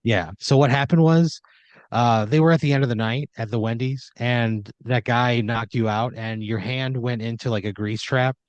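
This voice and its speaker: A man's voice: mid-range voice, steady tone, moderate pace, no room sound, dull audio. Rambling young man telling an improvised story. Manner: rambling, filler-heavy and profane. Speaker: podcast host and storyteller.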